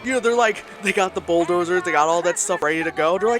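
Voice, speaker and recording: A streamer giving a live reaction to a movie, animated, laughing often, swearing and mocking voices. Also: mid-range voice, quick pace, few pauses, music in the background.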